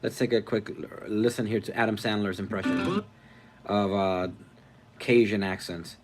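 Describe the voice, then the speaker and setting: A man hosting a casual live stream, reading viewer comments aloud, rambling and thinking out loud as he goes. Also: lowish voice, normal speed, over music. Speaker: livestream host.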